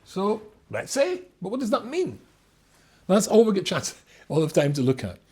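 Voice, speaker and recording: A man's voice: high-pitched, normal speed, husky. A man, a rabbi, teaching a text class to a live audience, reading Hebrew lines and explaining them. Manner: lively, reads Hebrew text then explains it. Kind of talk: animated Torah class.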